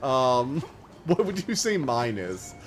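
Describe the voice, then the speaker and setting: A man streaming a game, chatting casually and rambling, talking fast and slurring his words together. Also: medium pitch, big pitch swings, a little hiss or hum. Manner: chatty and rambling, many fillers. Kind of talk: casual live-stream chat while gaming.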